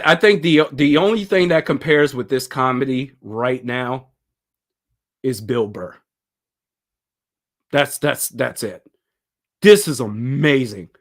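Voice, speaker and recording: A man's voice: on the high side, a bit bright. A man hosting a casual livestream, reacting with incredulous exclamations and bursts of laughter. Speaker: livestream host.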